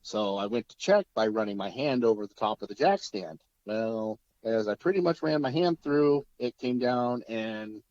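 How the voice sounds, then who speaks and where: A man from Oregon, a podcast guest, telling a story in a casual, easygoing way and laughing through the rough parts. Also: fairly low pitch, animated, moderate pace, few pauses, darkish tone, dry recording. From Oregon, USA. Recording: dull lo-fi sound.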